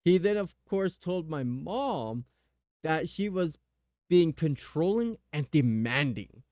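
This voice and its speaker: A man hosting a podcast, telling a personal story in a casual, animated way with the odd curse word. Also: a little high, slow, dry recording, studio quality. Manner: animated retelling, swearing. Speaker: podcast host.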